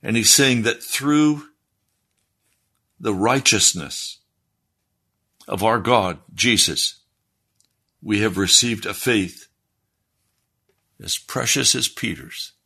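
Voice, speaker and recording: A man preaching a sermon, explaining scripture in a deliberate, teaching manner. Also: fairly low pitch, creaky, bright, forceful tone, breathy edge.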